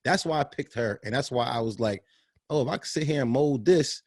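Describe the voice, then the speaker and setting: A man from New Jersey co-hosting a casual chat podcast, animated and quick to laugh, often repeating his words. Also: mid-range voice, no room sound, studio quality. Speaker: podcast co-host.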